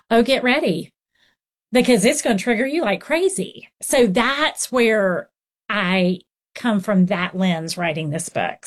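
A woman who writes on parenting and counsels children, speaking expressively in a conversational interview. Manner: expressive, acts out children's voices with big pitch swings.

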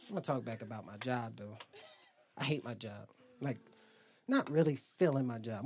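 Lively, crude stand-up storyteller. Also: medium pitch, slight background noise. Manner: crude, storytelling, laughing through lines. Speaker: stand-up comedian. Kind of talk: stand-up routine.

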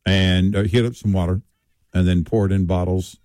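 A man with a very low, warm and mellow voice, chatting in an easygoing way. He keeps agreeing with short yeahs. The sound is dry and close. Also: steady tone, normal speed, dry recording. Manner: agreeable, many short affirmations. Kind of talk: casual chat.

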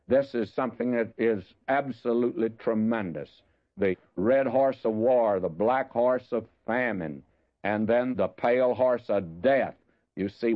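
Older male preacher, mid-pitched, Bible exposition with folksy asides, lo-fi recording. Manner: reads scripture slower and higher, chatty asides. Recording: dull lo-fi sermon recording.

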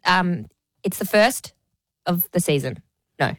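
A woman co-hosting a radio show, giggly and bubbly in the banter. Her voice moves lively up and down and sits slightly low for a woman. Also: slow, no echo.

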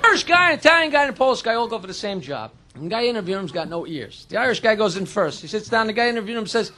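Very high-voiced, bright crude joke-teller man. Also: big pitch swings, a little hiss or hum. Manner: crude rapid-fire jokes, heckles the audience. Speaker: stand-up comedian. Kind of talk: stand-up joke telling.

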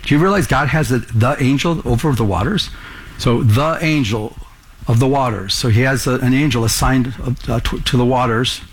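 A man's voice: mid-range voice, normal speed, breathy edge. A man preaching a sermon to a congregation in the room, earnest, pressing them with rhetorical questions. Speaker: pastor.

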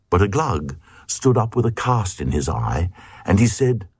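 A man's voice: on the low side, very animated, unhurried, a little mellow, slightly rough, dry recording, studio quality. A man reading a comic verse story aloud in a playful, sing-song way. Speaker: reader.

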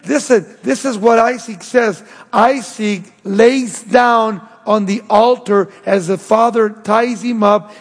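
High-voiced husky pastor preaching in reverberant hall. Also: male voice. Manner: preaching with sweeping rises and drops in pitch. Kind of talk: sermon.

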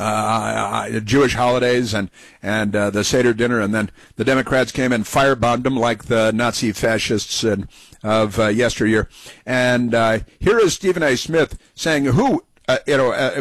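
A middle-aged man hosts an opinionated talk radio show. He jabs in sarcastic, scornful asides, and his voice sits at a middle pitch. The sound is dry and close, with no room around it. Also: no echo, rough recording.

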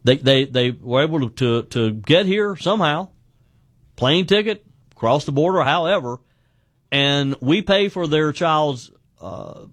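A man's voice: on the high side, no echo, clean studio sound. A man hosting a call-in talk radio show, talking conversationally and often repeating his first words. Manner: conversational, repeats words when starting sentences.

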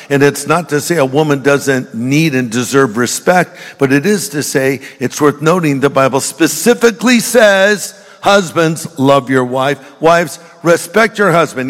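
An older man's sermon echoes with the long reverb of a large church hall as he jokes, tells stories, and addresses the congregation head-on. His pastor's voice is a little high and fairly bright in tone.

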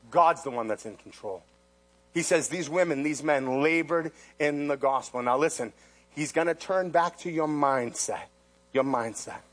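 A man preaching a sermon who repeats rhetorical questions and swings between hushed and loud. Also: a little high.

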